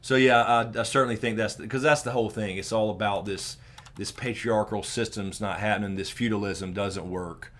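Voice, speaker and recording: A man with a Southern American accent hosting a casual live stream. He reads viewer questions aloud and answers them, swearing freely and swinging from low mutters to loud, animated bursts. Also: normal speed.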